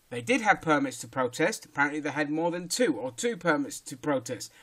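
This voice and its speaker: A man with a rather high voice, speaking for himself in a fired-up commentary. He talks heatedly and bluntly, with plenty of swearing and hard emphasis. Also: fairly bright tone. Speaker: political commentator. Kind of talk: opinion rant.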